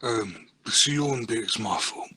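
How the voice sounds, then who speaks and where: A man's voice: on the low side, expressive, measured pace, sharp tone, husky. A man player talking casually in a tabletop game.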